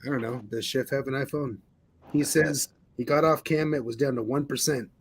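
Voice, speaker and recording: A man's voice: medium pitch, fairly even intonation, normal speed, husky. A man joking around on a casual podcast, playful and swearing freely.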